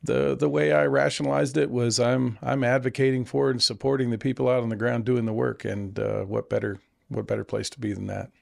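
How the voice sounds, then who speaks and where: A man's voice: mid-range voice, flat delivery, fairly quick, creaky, hardly any pauses, no room sound, studio quality. A middle-aged man from California, a conservation CEO, talking earnestly and self-deprecatingly in a casual interview. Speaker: guest, conservation nonprofit CEO.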